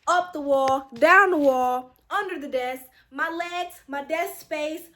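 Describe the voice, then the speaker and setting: A young adult woman vlogger telling a casual storytime, animated and exasperated, full of slang. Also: high-pitched, takes it slowly.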